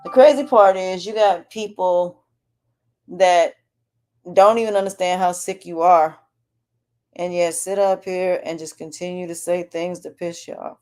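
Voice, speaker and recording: Woman podcaster, sore throat, low warm voice, candid rambling delivery. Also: fairly even intonation, a little slow, faint music behind. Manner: candid, rambling, with frequent restarts. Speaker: podcast host. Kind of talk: personal health update monologue.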